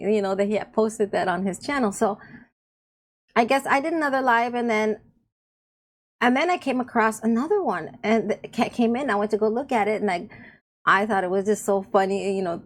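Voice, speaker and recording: A woman YouTuber chatting casually about online friends, laughing often and rambling with restarts. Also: medium pitch. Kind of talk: casual rambling chat to camera.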